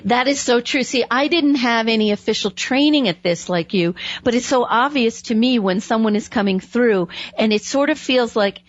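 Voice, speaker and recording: A woman's voice: a little high, normal speed, few pauses, no room sound, muffled recording. A woman hosting a radio talk show, chatting casually with a guest and dropping lots of "you know"s. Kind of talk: casual interview chat.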